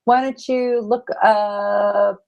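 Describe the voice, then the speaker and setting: A woman co-hosting a podcast in casual chat, playful and quick to laugh. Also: mid-range voice, steady tone, vocal fry, muffled recording. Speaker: podcast co-host and teacher.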